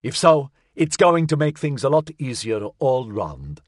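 A man's voice: mid-range voice, big pitch swings, measured pace, no echo, clean studio sound. A man reading an audiobook, voicing a slick, condescending male official who coolly needles the woman he questions. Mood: needling.

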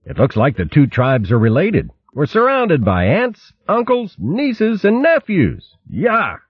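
A man voicing a calm, steady male mouse warrior who speaks with dry humor. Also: low voice, normal speed, slightly rough, no room sound, lo-fi sound.

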